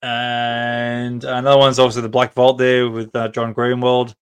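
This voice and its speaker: Man, Australian accent, podcast host, casual chat, rambling, flat even pitch, smooth clear voice. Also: normal speed. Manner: rambling, many ums and restarts. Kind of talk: casual live-stream chat.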